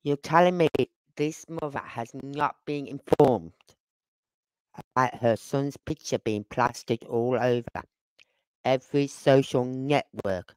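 A YouTuber gives emphatic live-stream commentary, asking rhetorical questions, repeating points and apologizing for talking too fast. The voice is medium-pitched, smooth and darkish, with no echo.

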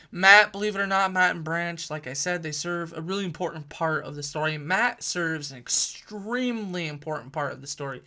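A young man talks through a novel's plot in a loose, conversational review. He backtracks and corrects himself often, with plenty of fillers. His voice sits a little high and sounds bright and forward. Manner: rambling, self-correcting, uses fillers. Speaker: book reviewer. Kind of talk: casual book review.

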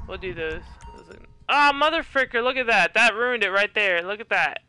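A woman's voice: mid-range voice, expressive, normal speed, bright, forceful tone, slight background noise, low-quality recording. A young woman hosting a casual live stream, teasing her friends, giggling and reading the chat aloud.

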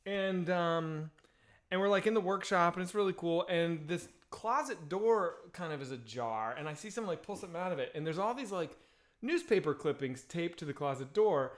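A man co-hosting a casual streamed podcast, telling a long story in an animated way, full of fillers and swearing. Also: fairly high pitch, normal speed. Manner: animated, lots of fillers and laughs, swears freely. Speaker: podcast co-host.

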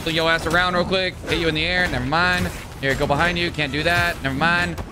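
A man streaming a video game, loud and excitable, swearing and trash-talking enemies as he plays. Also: on the high side, fairly quick, noisy background. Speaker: gaming streamer. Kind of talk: let's play commentary. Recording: game music loud behind voice. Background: video game music and sound effects.

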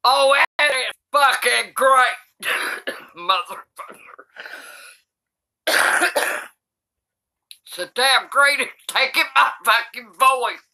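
Cranky old grandma cussing nonstop while she reads, slow drawl, really piercing bright voice. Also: high voice, fairly even intonation. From United States. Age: older. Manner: cranky, swears constantly, shouts in outrage. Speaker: comedy YouTuber grandmother. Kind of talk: comedic reading aloud.

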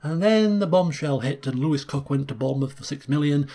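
A man giving casual, opinionated commentary on a football management game, animated and full of wry asides. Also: on the high side, fairly quick.

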